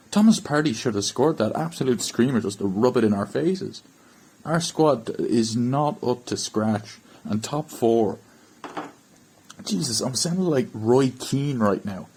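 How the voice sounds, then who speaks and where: Irish man, husky voice, blunt frustrated football rant, fan channel host. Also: mid-range voice, a little mellow, low-quality recording. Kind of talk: ranting match review to camera.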